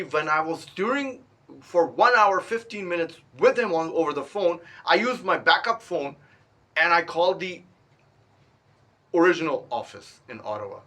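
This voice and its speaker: A man, originally from India, telling a personal story on his vlog in an animated, emphatic way, with many restarts. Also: a little high. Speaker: vlogger.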